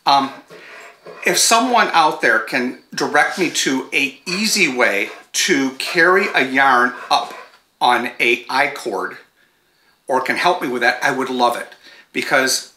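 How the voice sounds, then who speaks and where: A man's voice: medium pitch, animated, measured pace, sharp tone, roomy sound, slight background noise. A man hosting a home knitting show, chatting casually and digressively to the camera and breaking off to talk to his dogs.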